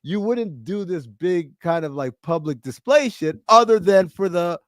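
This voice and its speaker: In an unhurried, high voice with no room sound, a man hosts a casual podcast. His storytelling is animated, and he acts out the quotes as he goes.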